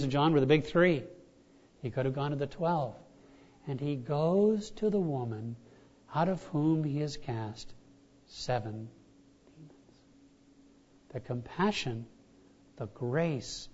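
A man preaching a sermon, swinging between loud emphatic lines and soft hushed ones, with frequent restarts. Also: fairly high pitch, lo-fi sound. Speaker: pastor.

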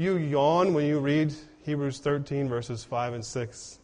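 A man's voice: on the high side, unhurried, few pauses, a little mellow. A man preaching a sermon in an earnest way, often putting rhetorical questions to his congregation. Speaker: pastor.

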